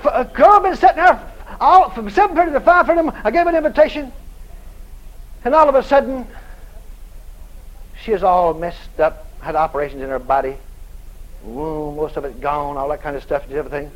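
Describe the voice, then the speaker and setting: A male evangelist tells a story from the pulpit in a folksy, dramatic way. His voice sits very high for a man and leaps up and down constantly. He bursts into shouts whenever he acts out what someone said. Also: lively intonation, moderate pace, pauses often, dull audio. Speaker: evangelist preacher. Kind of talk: storytelling sermon.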